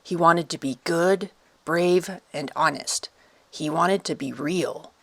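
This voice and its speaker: A battle-weary wooden puppet soldier speaks slowly and softly, his voice light and raspy with a gravelly catch, as a narrator puts him on. Every word is warm and careful, as if calming frightened children, and the audiobook recording stays close and dry. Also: mid-range voice, dry recording, heavily acted. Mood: gentle. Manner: slow, soft-spoken storytelling to children.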